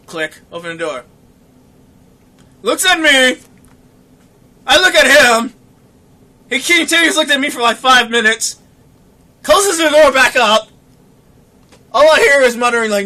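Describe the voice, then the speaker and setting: A young man telling a wild story on a casual podcast, with a very high voice. He swears freely and acts out every line of dialogue. His tone is sharp and bright throughout. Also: moderate pace, long pauses. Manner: animated, profane, acts out quotes. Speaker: podcast co-host.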